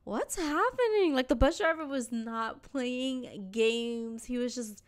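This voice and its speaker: A young woman hosting a podcast, telling a story in casual chat, animated and acting out the voices of people in it. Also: fairly high pitch, takes it slowly, clean tone. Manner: animated, acts out voices in her stories, swears casually. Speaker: podcast host.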